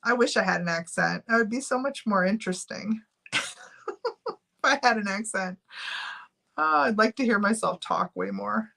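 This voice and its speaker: A woman's voice: mid-range voice, expressive, moderate pace, creaky, long pauses, pushed and bright. A middle-aged woman chatting casually on a live stream, giggling often and reading out viewer names while she runs a giveaway.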